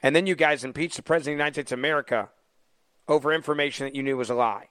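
A male talk radio host with a fairly high voice and a sarcastic, mocking delivery. He sounds close and dry, with no room around him, as he rants and then takes calls. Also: rapid-fire, fairly bright tone, smooth, dry recording.

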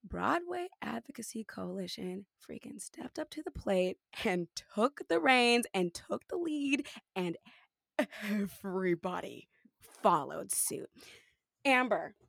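A woman's voice: medium pitch, sing-song, takes it slowly, gravelly, a bit bright, no echo, studio quality. A young adult woman hosting a podcast, chatting casually with lots of fillers and laughter. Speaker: podcast host. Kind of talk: casual conversation.

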